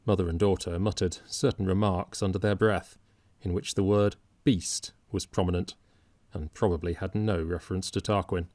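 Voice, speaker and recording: A man narrating an audiobook in a measured, wry storytelling manner. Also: deep voice, fairly even intonation, darkish tone, dry recording.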